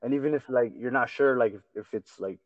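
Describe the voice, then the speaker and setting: A man talking casually as a guest, halting and restarting, swearing now and then. His voice sounds muffled and lo-fi. It is dry up close, with a faint lingering reverb. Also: medium pitch. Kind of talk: casual chat.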